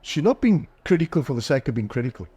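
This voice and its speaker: His mid-range voice is dark and husky, swinging widely in pitch as he talks quickly. A middle-aged psychologist and author, he is candid and self-deprecating in a podcast interview, performing the dialogue in stories about his own life.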